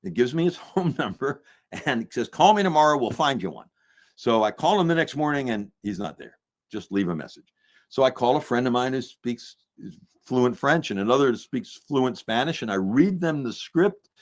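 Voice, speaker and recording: A man's voice: medium pitch, moderate pace. An older man, a filmmaker and musician, telling a long anecdote in an interview and acting out the people he quotes. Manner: animated storyteller acting out quoted voices. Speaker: filmmaker guest.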